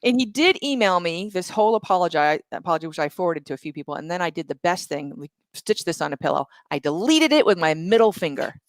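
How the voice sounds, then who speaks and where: A woman speaking as a podcast guest, lively in her storytelling and full of asides and self-corrections. Her voice sits a little low, and the sound is close and dry. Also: no room sound. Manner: vivid retelling with quick asides and restarts. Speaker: guest entrepreneur. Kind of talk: animated storytelling in conversation.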